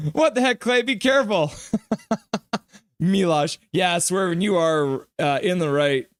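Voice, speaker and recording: A man hosting a live hockey reaction stream, calling plays and reading out chat messages with excitement. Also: high-pitched, unhurried, dry recording, studio quality. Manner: excitable, chatty, reads chat aloud.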